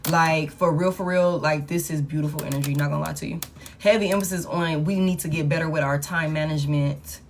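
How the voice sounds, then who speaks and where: A woman's voice: low-pitched, steady tone, fairly quick, a little hiss or hum. A woman giving a casual tarot reading in a repetitive, emphatic, slangy pep-talk manner. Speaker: tarot reader.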